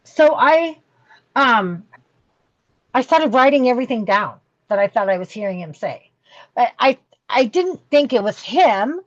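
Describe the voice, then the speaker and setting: A woman's voice: fairly high pitch, animated, unhurried, dry recording, muffled recording. A middle-aged woman telling a candid, emotional story as a podcast guest, with many fillers and restarts. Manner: rambling, emotional, full of fillers.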